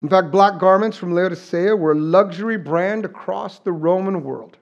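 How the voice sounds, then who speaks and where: A man's voice: high-pitched, normal speed, creaky, muffled recording. A middle-aged man from southern New Mexico preaching a conversational sermon, folksy and joking, with frequent restarts. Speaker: pastor.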